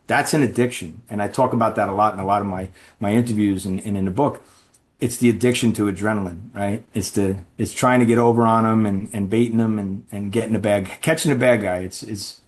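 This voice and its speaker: A man who used to be an undercover informant, telling stories as a podcast guest with frequent restarts and "right?" tag questions. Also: lowish voice. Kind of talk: conversational storytelling.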